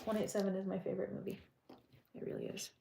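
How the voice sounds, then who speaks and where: Woman on a livestream reading crime news, chatting w her viewers between bits, mid pitch. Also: huge pitch swings, quick pace, vocal fry, dark tone, slight background noise. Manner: reads news aloud, breaks off to chat with live chat. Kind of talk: casual livestream chat.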